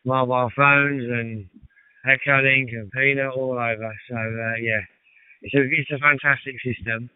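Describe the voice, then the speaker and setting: A man's voice: medium pitch, moderate pace, clear, resonant tone. Birmingham man over tinny ham radio. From England. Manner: relaxed, rambling with many fillers. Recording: tinny radio transmission, dry.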